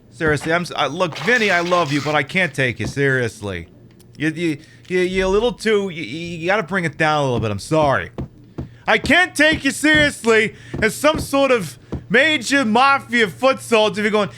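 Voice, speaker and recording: A man streaming a game, joking and talking back at it, swinging from loud outbursts to low mumbled asides. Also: big pitch swings, moderate pace, a little hiss or hum. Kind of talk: casual game commentary.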